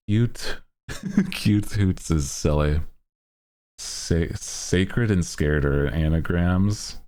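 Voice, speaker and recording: Very deep slow-talking streamer guy. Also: a little mellow. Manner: laid-back, rambling, laughs often. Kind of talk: casual chat with viewers.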